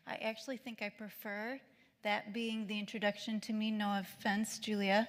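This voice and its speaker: A woman's voice: medium pitch, bright, forceful tone, long reverb tail, a little hiss or hum. A woman giving a guest lecture, chatty and self-deprecating, with lots of fillers and restarts. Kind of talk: nervous, chatty public lecture. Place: lecture hall.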